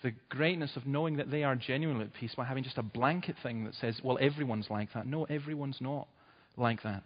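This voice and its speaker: A man's voice: mid-range voice, brisk, breathy edge. Emphatic male preacher in a reverberant hall. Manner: emphatic, urgent preaching with sudden loud rises. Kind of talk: sermon. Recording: dull sound with long hall reverb.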